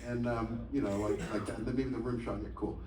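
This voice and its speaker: A man imitating a bandmate who gives calm, offhand instructions, speaking softly and slowly. It is recorded from the audience in a theatre. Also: mid-range voice, reverberant, recorded from a distance, slight background noise, natural voice. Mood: laid-back. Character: bandmate giving calm, laid-back instructions.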